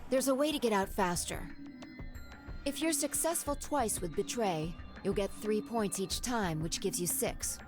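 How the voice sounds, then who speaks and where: A woman's voice: medium pitch, animated, unhurried, over music, lightly acted. A woman voicing a blunt, composed young woman in a video game, with a matter-of-fact delivery. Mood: cool.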